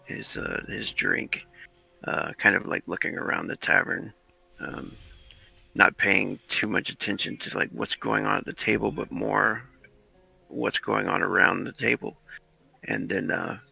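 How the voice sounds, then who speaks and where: A man describing his character in a tabletop game, quiet and hesitant. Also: on the low side, fairly even intonation, measured pace, creaky, slightly rough, soft background music, poor audio. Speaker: player.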